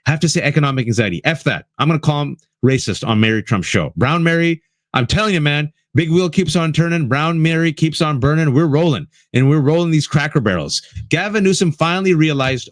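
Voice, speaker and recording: A man's voice: a little high, expressive, a little fast, no echo, clean studio sound. A man delivering a fiery, sarcastic political monologue, hammering points with emphatic repetition. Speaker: political commentator.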